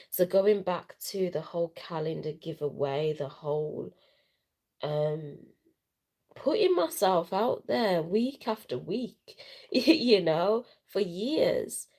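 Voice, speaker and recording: A woman vlogger with a fairly low, mellow voice speaks slowly but animatedly while crying on a casual live stream. She's frank and tearful, rambling along with slang and curse words. The audio is self-recorded at home with no sound check.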